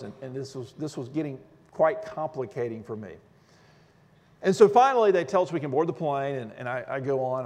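A male preacher with a gravelly, creaky voice tells a story from the pulpit in an animated sermon, restarting his phrases as he goes. The sound carries a long reverb from a large church hall. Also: mid-range voice. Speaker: Baptist minister. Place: church sanctuary.

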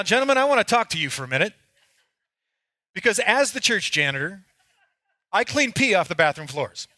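A male pastor preaches with a ringing, high voice and pokes fun at himself as he tells his stories. His sound is close and dry, with no room around it. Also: sharp tone, no echo. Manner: candid, self-mocking storytelling. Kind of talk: sermon.

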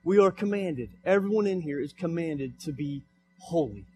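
A man's voice: a little high, expressive, moderate pace, a little mellow, faint music behind. A young man preaching a sermon in church, repeating his points with rising emphasis. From United States. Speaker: pastor. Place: church sanctuary.

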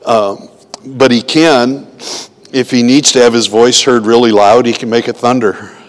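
A man's voice: medium pitch, fairly even intonation, a little slow. Man preaching informally in a reverberant hall. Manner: informal, rhetorical questions to listeners. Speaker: pastor. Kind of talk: conversational sermon teaching.

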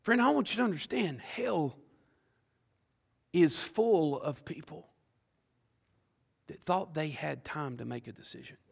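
A man preaching a sermon with passion, repeating words and swinging from quiet asides to loud declarations. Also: fairly high pitch, expressive, a little slow, gravelly, pauses often, breathy edge.

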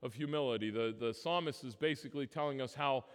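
A man's voice: mid-range voice, quick pace. A man preaching a sermon as pastor, earnest and emphatic, often restarting his phrases. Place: church sanctuary. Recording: long church reverb.

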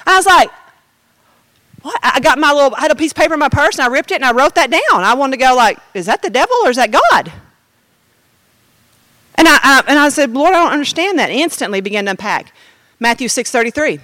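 A woman's voice: high voice, lively intonation, fast, pushed and bright, no room sound. A woman giving a personal testimony as a sermon, talking straight to the congregation in a conversational way. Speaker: preacher.

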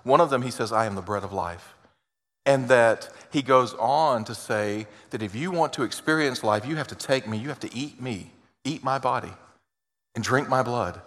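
A male pastor delivering a sermon in an earnest, heartfelt way. His voice sits at a middle pitch and shifts from loud, pressing emphasis to hushed, personal asides. The sound carries a long reverb, as in a large church sanctuary. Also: moderate pace. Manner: earnest, swings between loud emphasis and quiet intimate asides.

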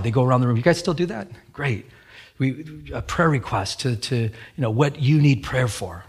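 A middle-aged man, a pastor, preaching a sermon in church with animated storytelling and acted-out quotes. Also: medium pitch, breathy edge. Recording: radio broadcast of a sermon.

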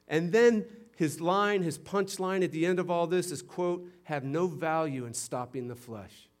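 Dynamic preaching pastor, man. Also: unhurried. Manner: dynamic preaching, swinging between loud emphatic bursts and hushed low passages; playful teacherly asides about grammar. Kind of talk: sermon.

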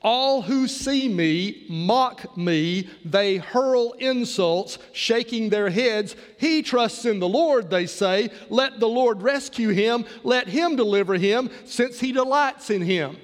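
A man's voice: very high voice, slow pace, hardly any pauses. A man preaching a sermon, reading scripture aloud and leading the congregation in call-and-response. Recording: long hall reverb.

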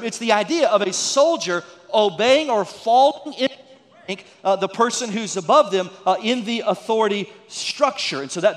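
High-voiced pastor preaching in echoing hall. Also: male voice. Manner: folksy, joking asides with audience prompts. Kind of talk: sermon.

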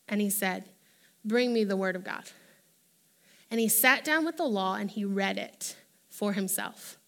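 A woman preaching a sermon in an animated way, acting out the voices she quotes. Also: on the high side.

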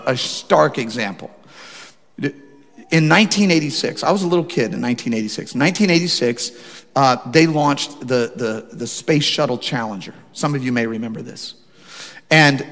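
A man in his forties preaching a sermon as a pastor, telling a personal story and building to emphatic, animated preaching. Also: medium pitch. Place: church sanctuary. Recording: long church hall reverb.

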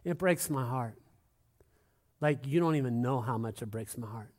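A man's voice: mid-range voice, normal speed. Middle-aged male pastor preaching emphatically. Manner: emphatic, repetitive, calls for amens from the congregation. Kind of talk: sermon. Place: church hall with a congregation.

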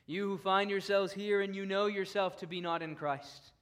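A man preaching a fervent sermon, shifting between forceful declarations and hushed, solemn passages. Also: high voice, fairly even intonation, normal speed, hardly any pauses, smooth.

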